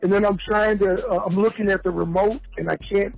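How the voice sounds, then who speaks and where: A man's voice: high-pitched, brisk, vocal fry, few pauses, soft background music, low-quality recording. A man telling rambling, profane stories in casual chat as a podcast guest. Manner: rambling, profane, animated storytelling.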